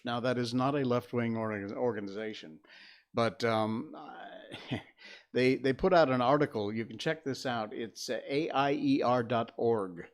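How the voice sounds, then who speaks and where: An older man from Connecticut talks to his stream audience from a home studio. His voice sits at a middle pitch, and his delivery is loose and chatty. He wanders between topics with plenty of fillers and restarts. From Connecticut, USA. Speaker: livestream host. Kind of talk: casual solo livestream talk.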